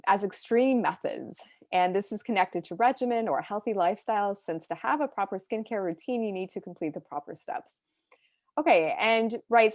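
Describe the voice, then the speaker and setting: A woman's voice: medium pitch, no room sound. Dry-sounding woman teaching a lesson. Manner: explanatory, frequent "right?" check-ins. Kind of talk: recorded lecture on close reading.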